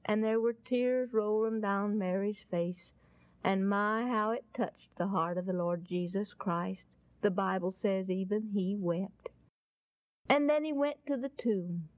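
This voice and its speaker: A woman telling a Bible story in a folksy, animated, dramatic way and closing with a gospel appeal, on a dull lo-fi recording. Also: mid-range voice, no echo.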